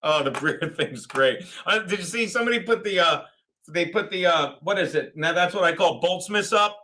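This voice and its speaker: A man's voice: high-pitched, animated, normal speed. A man in his fifties hosting a live sports watchalong stream, telling crude, rambling stories. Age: 50s. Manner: crude, rambling, loud storytelling. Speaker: stream host. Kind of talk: casual sports watchalong chat.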